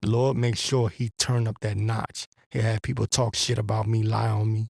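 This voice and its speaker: Delivering blunt, profane religious commentary with a preacherly edge, this podcast host rambles and keeps restarting. His voice is on the low side, darkish and level in tone, with vocal fry and a moderate pace. Clean studio sound, no room sound.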